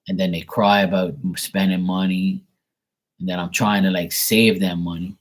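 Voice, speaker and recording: A man's voice: sits low, little pitch movement, normal speed. A middle-aged man venting in a casual monologue, exasperated, swearing and filling with "like". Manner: exasperated rant with frequent swearing and fillers. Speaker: tarot reader.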